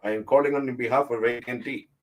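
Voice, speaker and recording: A man's voice: medium pitch, fairly even intonation, quick pace, natural voice. A man putting on the voice of a polite, formal male call-center agent as a bit in his stream. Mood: politely formal. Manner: stiff, formal customer-service phrasing.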